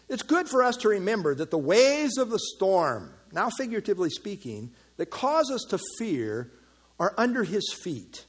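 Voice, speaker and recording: This is a male pastor giving a verse-by-verse sermon. His voice sits high and swings widely in pitch. He stays animated and playful, mixing teaching with jokes for his listeners. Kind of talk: expository sermon.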